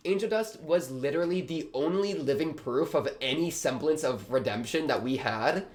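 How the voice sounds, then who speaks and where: A young man hosting a reaction video, talking in a rambling, slangy way with lots of fillers. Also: medium pitch. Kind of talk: casual reaction commentary.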